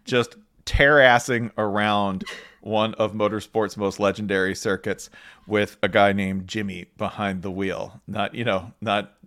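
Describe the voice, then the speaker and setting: A man's voice: fairly low pitch, fairly even intonation, a little slow, a bit bright. A man co-hosting a podcast in casual chat, joking and rambling with frequent restarts. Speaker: podcast co-host.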